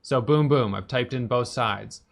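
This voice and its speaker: A tired man casually recapping his day's stock trades, talking fast with lots of fillers and restarts. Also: gravelly. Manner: fast, filler-heavy talk with restarts, "boom" for quick actions. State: tired, yawning.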